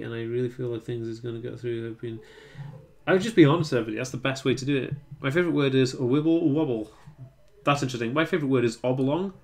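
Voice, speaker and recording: A man's voice: medium pitch, darkish tone. A young man from North Wales with a Welsh accent, hosting a casual livestream, reading viewer comments aloud and answering them with fillers and restarts. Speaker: livestream host reading chat.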